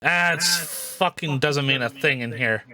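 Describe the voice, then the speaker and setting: A man voicing a gruff, foul-mouthed male stablemaster who barks orders and curses impatiently. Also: a little high, slow, bright, forceful tone, heavily acted. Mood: suspicious. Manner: barking, cursing, impatient.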